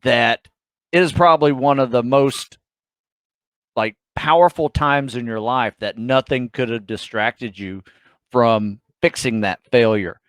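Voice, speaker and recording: A man co-hosting a podcast in a casual, eager way, full of fillers and soft trailing phrases. His voice is mid-pitched, recorded dry and close with no room sound. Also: unhurried, clear, resonant tone, no room sound. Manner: enthusiastic, uses fillers, trails off softly. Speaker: podcast co-host. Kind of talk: casual chat.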